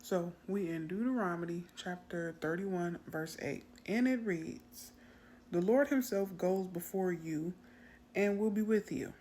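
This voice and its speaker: A mother shares a faith story in a relaxed, conversational way, with a voice sitting a little low for a woman. She grows animated when she quotes her small daughter. A faint hiss sits under the recording. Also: a little slow. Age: adult mother. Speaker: Christian content creator. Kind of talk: casual testimony to camera.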